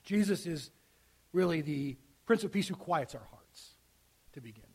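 Soft-spoken pastor with a higher voice. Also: male voice, animated, moderate pace, husky. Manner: conversational, with frequent restarts and dropping to a hush at key phrases. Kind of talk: sermon.

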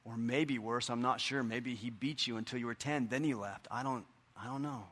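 Middle-aged male pastor, earnest conversational sermon, mid-range voice, quiet asides. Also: mid-range voice, fairly even intonation, normal speed.

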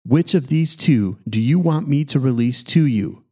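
A man's voice: medium pitch, normal speed, warm tone, natural voice. A man voicing a stern, questioning Roman governor in a plain read-aloud delivery.

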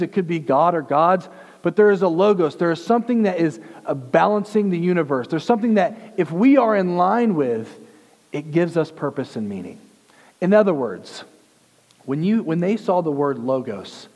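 A fairly high-voiced man preaches a conversational sermon as the pastor, doubling back and repeating words as he explains. His voice rings with the long reverb of a church hall. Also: a little mellow. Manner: conversational teaching with frequent restarts. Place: church sanctuary.

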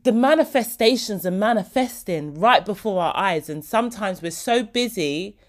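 A woman's voice: medium pitch, lively intonation, normal speed, few pauses. A young woman, hosting a casual solo podcast in a chatty, heartfelt way. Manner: chatty, heartfelt, slips into quoted voices. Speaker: podcast host.

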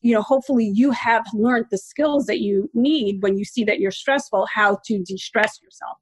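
A woman's voice: a little high, normal speed, slightly rough, no echo. A woman in her forties, a parenting expert guest, explaining practical advice in a reassuring, explanatory way. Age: 40s. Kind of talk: interview advice.

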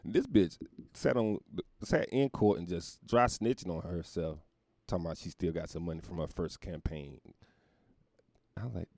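A man's voice: deep voice, expressive, normal speed, long pauses, dark tone, dry recording. A man hosting a solo podcast, ranting crudely and mockingly and laughing at his own jokes. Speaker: podcast host. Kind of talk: solo comedic rant.

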